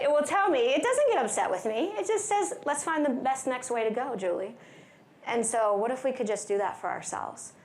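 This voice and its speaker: A woman giving an energetic, upbeat wellness talk at a conference, leading the audience through stretches and breathing with playful asides. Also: mid-range voice, roomy sound. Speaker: wellness speaker. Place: large conference hall.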